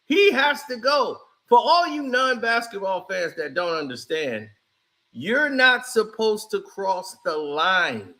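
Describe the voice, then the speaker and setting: High-voiced, bright man ranting about basketball. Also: slow. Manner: animated, mocking, shouts and laughs while reacting. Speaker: sports commentary streamer. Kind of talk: casual reaction commentary.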